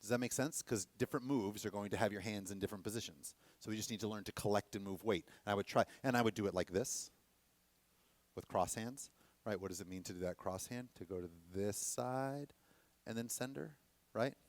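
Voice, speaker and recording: Animated man teaching a dance class. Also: on the low side, brisk, no room sound. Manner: animated, checks in with the class often. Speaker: dance instructor. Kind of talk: teaching a workshop.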